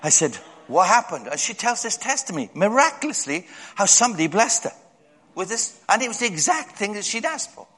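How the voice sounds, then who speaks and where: A man preaching a sermon in a church hall, telling stories and jumping up high to act out other people's voices. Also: big pitch swings, brisk, bright, forceful tone, breathy edge. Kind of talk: storytelling sermon. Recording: long hall reverb.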